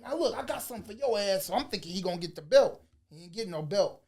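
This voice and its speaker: A man telling a personal story in a casual, slangy way, swinging from low mutters to loud bursts. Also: lively intonation, fast talker. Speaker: vlogger.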